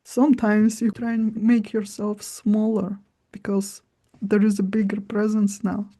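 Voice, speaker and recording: A woman speaking as a guest coach in an interview, explaining in a slow, deliberate way with long pauses. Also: mid-range voice, level tone, mellow. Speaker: guest voice and body-language coach. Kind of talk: instructive interview talk.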